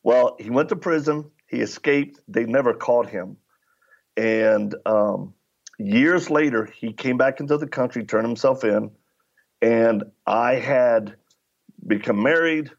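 A middle-aged man with a gravelly, fry-laden voice telling stories in a relaxed interview. He slips into the voices of the people in his anecdotes. The recording sounds a little dull and lo-fi. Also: mid-range voice, slow pace. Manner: acts out dialogue while telling anecdotes. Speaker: podcast guest. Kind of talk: conversational storytelling.

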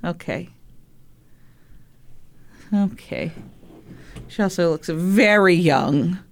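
A woman's voice: lowish voice, extremely slow. A woman co-hosting a podcast, chatting in a dry, skeptical way and questioning the story. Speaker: podcast co-host. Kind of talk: casual chat.

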